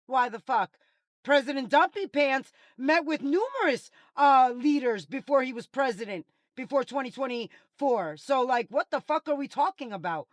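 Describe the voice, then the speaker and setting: A woman's voice: high-pitched, dry recording. A woman vlogger in an exasperated, mocking rant, swearing heavily at her critics. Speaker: commentary vlogger. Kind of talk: angry profane rant.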